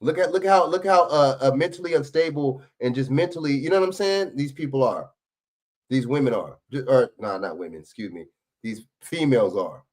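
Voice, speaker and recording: A man's voice: medium pitch, animated, fairly quick, a little mellow. A man hosting a livestream, arguing back at clips in blunt, profane casual commentary. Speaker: livestream host reacting to clips.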